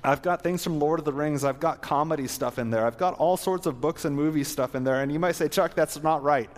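A man's voice: fairly high pitch, fast. A man preaching an earnest sermon to a live audience, then leading a prayer. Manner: earnest, exhorting, ends in prayer. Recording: long hall reverb.

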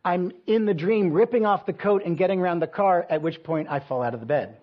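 A man's voice: high-pitched, a little fast, highs cut off. A man preaching a sermon, telling a dream story in a casual, self-deprecating way with many fillers. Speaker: pastor.

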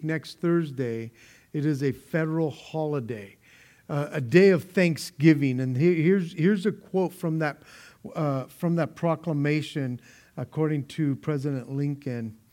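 A man's voice: a little high, darkish tone. A man preaching a conversational sermon, earnest and speaking directly to the congregation, often repeating words as he builds a point. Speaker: pastor.

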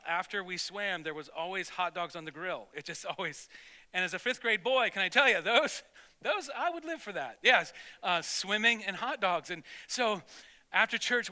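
A man as pastor, delivering a sermon as an animated story with many restarts. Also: high voice. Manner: storytelling, animated, self-interrupting.

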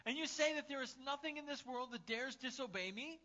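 A man voicing a proud medieval king who gives slow, loud royal commands. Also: very high-pitched, lo-fi sound, voice pushed up. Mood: commanding.

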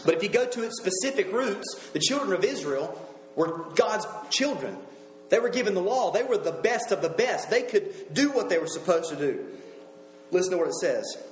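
A man preaching a sermon earnestly, reading scripture slowly and driving each point home with emphasis. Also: sits high, echoey room, a little hiss or hum, low-quality recording.

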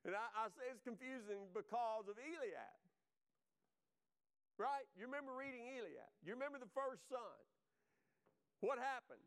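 A man preaching a sermon, talking straight to his congregation in an animated way, his voice rising and falling widely in pitch and loudness. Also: normal speed, pauses often. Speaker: pastor.

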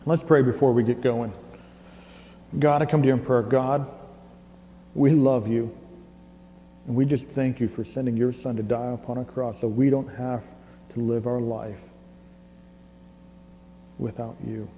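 A man preaching a sermon and leading prayer in a conversational, animated way, often repeating words, recorded on a clip-on mic. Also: medium pitch, unhurried, long pauses, highs cut off. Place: church service hall. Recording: reverberant hall with faint hum.

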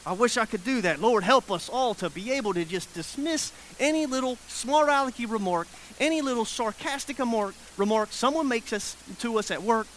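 A man's voice: very high voice, lively intonation, brisk, few pauses, fairly bright tone. A man preaching a sermon in a conversational way. He repeats his phrases, checks in with his listeners, and acts out the people in the story. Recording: faint hiss.

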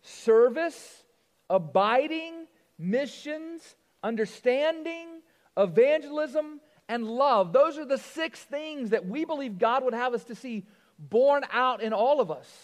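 A man delivers a sermon as pastor, his voice high and bright. He tells stories with animated swings between loud and near-whispered lines. The sound carries a long reverb. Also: takes it slowly.

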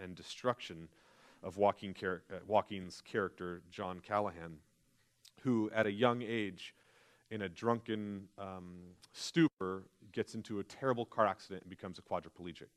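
Low-voiced man preaching. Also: normal speed. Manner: earnest, confessional storytelling. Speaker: pastor. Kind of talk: sermon.

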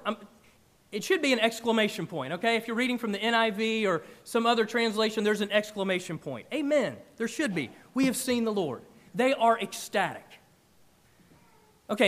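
A man preaching a sermon in church, emphatic and animated, with big swings in loudness. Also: sits high. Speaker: pastor.

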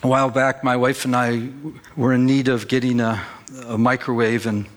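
A man preaching a sermon as pastor, reading scripture and telling folksy stories in an animated way. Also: mid-range voice, normal speed.

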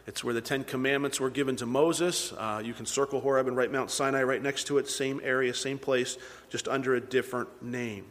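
A man's voice: medium pitch, steady tone, a little fast, a bit bright. A man preaching as a pastor, explaining scripture in a conversational way and asking his listeners questions. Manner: conversational, asks the congregation questions. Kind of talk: sermon. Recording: long reverb in a hall.

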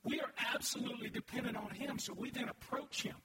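A very high-pitched man delivering an earnest, emphatic sermon. He sounds far from the mic in an echoey church hall. A steady hum of room noise sits behind him. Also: fast. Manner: earnest, emphatic preaching with audience prompts. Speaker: pastor. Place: large church sanctuary.

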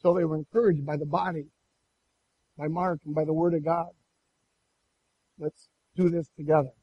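A man preaching a sermon and telling a personal story in an animated way, with many restarts. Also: fairly high pitch, moderate pace, slightly rough, lo-fi sound. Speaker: pastor.

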